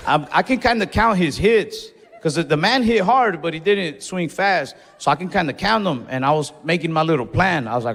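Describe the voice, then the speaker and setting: Young male comic, gravelly and laid-back, profane storyteller; live club mic, reverberant hall, faint crowd bed. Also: on the high side, animated, moderate pace, hardly any pauses. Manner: laid-back, profane, acts out his own shouts. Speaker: stand-up comedian. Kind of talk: stand-up storytelling. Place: comedy club stage. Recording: live room with long reverb.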